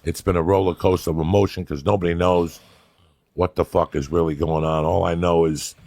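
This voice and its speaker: Gravelly New storyteller, profane. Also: male voice, low voice, brisk, no room sound, studio quality. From New Jersey. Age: older. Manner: profane, animated street storytelling. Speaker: host. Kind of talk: casual storytelling monologue.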